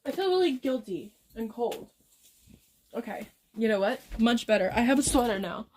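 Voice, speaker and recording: A woman's voice: a little high, expressive, normal speed, a little mellow, a little hiss or hum. A woman live streamer rambling in casual chat as she talks to her viewers. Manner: rambling, chatting with chat, drifting off-topic.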